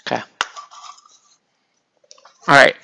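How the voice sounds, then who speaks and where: Slowly and without echo, a man narrates painting a miniature in a relaxed, tutorial-style chat. He thinks aloud as he works and keeps trailing off mid-sentence.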